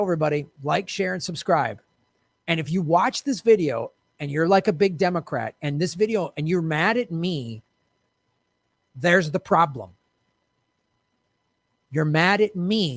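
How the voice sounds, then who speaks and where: A fiery man rants to camera in a heated political commentary, blunt and profane, hammering each point home. His voice sits high for a man, and the sound is close and dry. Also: no room sound.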